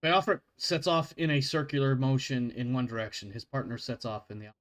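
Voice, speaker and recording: A man's voice: medium pitch, steady tone, brisk, a bit bright. Laid-back man game master. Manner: casual, laughing, swearing. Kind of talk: narrating a tabletop game.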